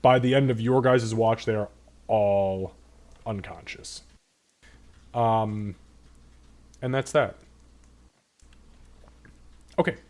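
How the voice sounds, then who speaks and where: A man narrating as game master, in a relaxed, rambling way. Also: fairly low pitch, slow pace, pauses often. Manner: relaxed, rambling, with many fillers.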